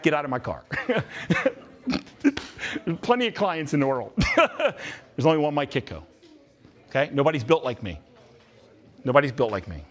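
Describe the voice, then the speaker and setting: A man's voice: mid-range voice, big pitch swings, moderate pace, pauses often, a bit bright. A man speaking to a room of students at a youth retreat, blunt and intense, repeating his points for emphasis. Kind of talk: live motivational talk with Q&A. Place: large indoor room with a live audience.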